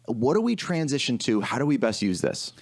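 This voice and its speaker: A man speaks bluntly on a business podcast, pressing his opinions with passion. His voice sits at an ordinary middle pitch. He often cuts in to drive his points home. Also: very animated, a little fast. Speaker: podcast co-host, financial advisor. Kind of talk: casual business podcast chat.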